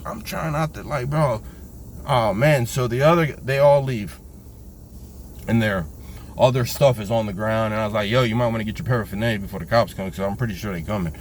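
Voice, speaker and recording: A man tells a personal story in a loose, slangy way, full of energy, and drops into the voices of the people he is quoting. His voice sits at an ordinary pitch for a man. A faint hiss of background noise runs under him. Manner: animated, acts out quoted voices, slangy. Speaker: vlogger telling a personal story. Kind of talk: casual storytelling.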